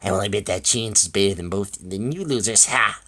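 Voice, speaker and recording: A man voicing an obnoxious, boastful teenage boy who mocks and brags loudly. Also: fairly high pitch, huge pitch swings, slow pace, pitched above the performer's own voice, exaggerated voice. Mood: mocking. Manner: loud, mocking, boastful. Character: obnoxious scheming teenage boy, loud braggart.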